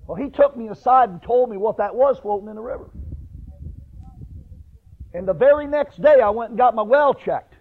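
A middle-aged pastor from northern New York, praying and then telling a homespun story in a sermon, building up to raised emphasis. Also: male voice, very high-pitched, normal speed, long pauses. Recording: tinny phone-like radio recording.

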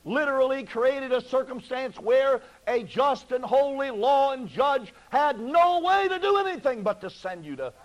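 A man's voice: extremely high pitch, expressive, normal speed, few pauses, muffled recording. A man preaching a fervent sermon from the pulpit, pleading with his listeners through repeated rhetorical questions.

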